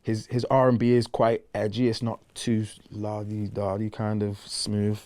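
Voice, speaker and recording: A man, chatting casually as a musician guest in an interview, relaxed and loose with lots of fillers. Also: fairly low pitch, unhurried.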